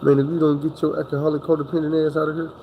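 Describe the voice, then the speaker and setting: A man's voice: on the high side, level tone, very fast, lo-fi sound, noisy background. A man telling a story in a casual, rambling, profane way, acting out the people he quotes.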